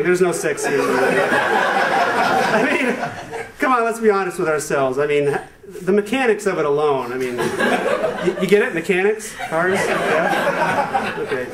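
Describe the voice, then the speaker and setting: A young man performs a live stand-up routine, wandering through his bits with fillers and dry asides. His voice sits a little high, heard from a distance in a reverberant space with steady background noise. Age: young adult. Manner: rambling, deadpan asides with hesitant fillers. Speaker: stand-up comedian. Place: live show venue with audience. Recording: echoey room, far from the mic, noisy amateur recording.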